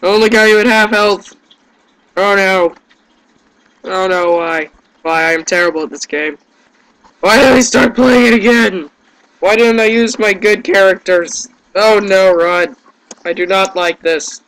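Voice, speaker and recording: A man's voice: high-pitched, fairly even intonation, a little slow, fairly bright tone, clear, resonant tone, low-quality recording. A man giving gameplay commentary, yelping in panic and groaning at his own mistakes. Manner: panicky yelps and self-deprecating groans. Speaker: let's play gamer.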